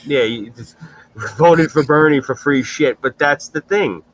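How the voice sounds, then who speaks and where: A man's voice: a little high, unhurried, slight background noise, rough recording. A man in casual chat, telling blunt, profane stories on a stream.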